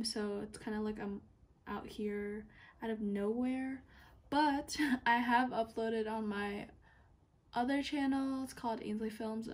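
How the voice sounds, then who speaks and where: A young woman filming an unboxing vlog, excited and gushing, sometimes dropping to a whisper. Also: on the high side. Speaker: YouTuber.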